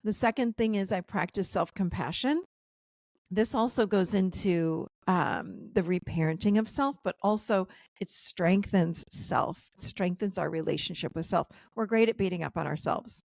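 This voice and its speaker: A woman guest coach speaking on a video call in casual interview chat, animated and laughing often as she acts out what clients said. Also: on the low side, normal speed, gravelly, no echo.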